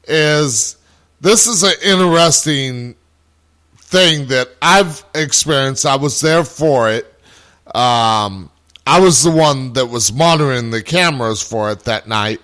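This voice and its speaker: A man hosting a casual chat, recounting a ghost investigation in a halting way with restarts. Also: mid-range voice, lively intonation, a bit bright.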